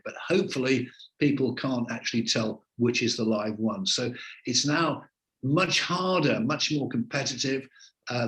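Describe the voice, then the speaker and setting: An older Englishman and veteran TV presenter answers interview questions with relaxed, anecdotal storytelling. His voice is medium in pitch.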